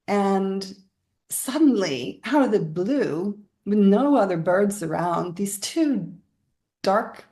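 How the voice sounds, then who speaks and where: A woman's voice: mid-range voice, darkish tone. A woman being interviewed as a guest, telling a long story in a rambling, conversational way and laughing often as she goes.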